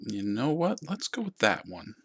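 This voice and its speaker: A man's voice: on the low side, very animated, normal speed, creaky. A man casually commenting while playing a story game, musing aloud and wryly reacting to the scenes. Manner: casual, musing and wry, reads choices aloud. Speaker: gaming channel host. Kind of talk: let's play commentary.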